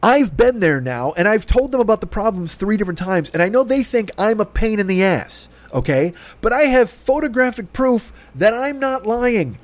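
Man, high voice, profane angry storytelling, dry close sound. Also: animated, normal speed, few pauses, no echo. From Chicago. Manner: profane, exasperated, acts out both sides of the argument. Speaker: podcast host. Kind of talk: ranting storytelling.

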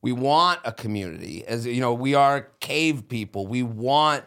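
A man from outside Boston chatting on a podcast, animated and laughing, full of quick asides and restarts. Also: mid-range voice. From outside of Boston, Massachusetts. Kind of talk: casual podcast chat.

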